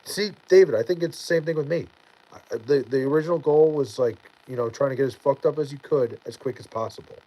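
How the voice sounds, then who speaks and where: A man's voice: mid-range voice, a little fast, mellow, poor audio. A man livestreaming late at night, chatting with viewers in a rambling, tired way full of fillers and restarts. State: tired, near bedtime. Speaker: livestreamer reading chat.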